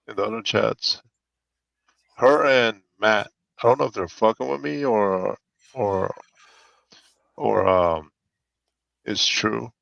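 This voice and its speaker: A man with a Midwestern accent, chatting casually as a guest. He talks slowly in a gravelly voice, rambling and giggling, with frequent restarts. His mic sounds dull and lo-fi. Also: on the low side, a bit bright, no echo. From United States. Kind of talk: casual chat.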